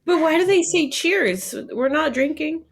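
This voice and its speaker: A woman's voice: high voice, lively intonation, unhurried. A young woman co-hosting a casual podcast chat, talking loosely, laughing often and acting out the people she quotes. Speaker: podcast co-host.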